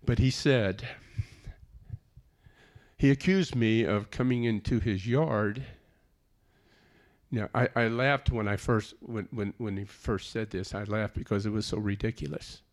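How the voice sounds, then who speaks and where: A man's voice: fairly low pitch, unhurried. A man telling a personal testimony in an earnest, plainspoken storytelling way. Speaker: speaker giving a personal testimony.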